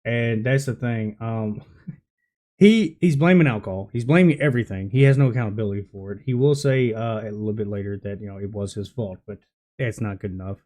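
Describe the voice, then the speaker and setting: A man's voice: on the low side, a little fast, a little mellow. A man giving casual reaction commentary on a clip, blunt and scornful, swearing freely.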